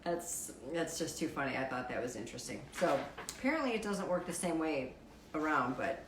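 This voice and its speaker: A woman with a deep, raspy voice hosting a casual live stream, reading out fun facts and viewer comments in a wry, playful way, swearing freely. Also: lively intonation, fairly quick, a bit bright, reverberant, slight background noise, rough recording.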